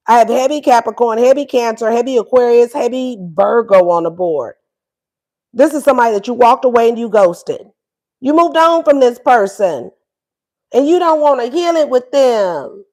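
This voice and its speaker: A woman's voice: fairly high pitch, lively intonation, normal speed. A woman giving a casual tarot reading, sassy and acting out what the lovers would say. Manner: sassy, acts out voices of both lovers. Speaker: tarot reader.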